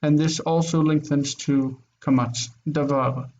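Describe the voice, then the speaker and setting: A man's voice: a little high, fairly even intonation, measured pace, a little mellow, lo-fi sound. A man teaching a grammar lesson online, explaining rules step by step in a casual way with fillers. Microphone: computer mic on video call.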